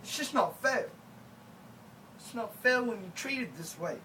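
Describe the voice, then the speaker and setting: Bright-voiced man rambling a mock-sad monologue. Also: high voice, lively intonation, a little slow, far from the mic, a little hiss or hum, low-quality recording. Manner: rambling, mock-sorrowful storytelling. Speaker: comic monologuist. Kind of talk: comedic character monologue.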